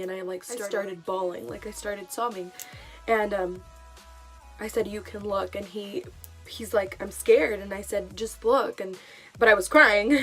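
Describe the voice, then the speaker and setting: A woman's voice: mid-range voice, a bit bright. A young woman vlogger telling a personal story in a casual, emotional way, with many fillers.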